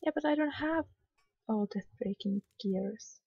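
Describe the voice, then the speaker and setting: A woman's voice: a little high, animated, measured pace, gravelly, dark tone, slightly rough, dry recording, highs cut off. A woman casually talking through a hidden-object game, sleepy and yawning, muttering with mild exasperation. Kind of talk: casual let's-play commentary.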